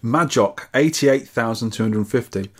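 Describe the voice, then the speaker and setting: A man's voice: medium pitch, measured pace. A man from England co-hosting a podcast, reading out listener scores and comments with wry asides in casual chat. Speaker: podcast co-host.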